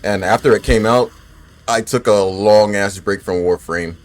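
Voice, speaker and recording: A man in his twenties with a lowish voice gives laid-back, swear-heavy commentary while he plays a game. He chats loosely with his viewers between fights and is bothered by the hiccups. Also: normal speed. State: has the hiccups. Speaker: gaming streamer. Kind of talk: casual gameplay commentary.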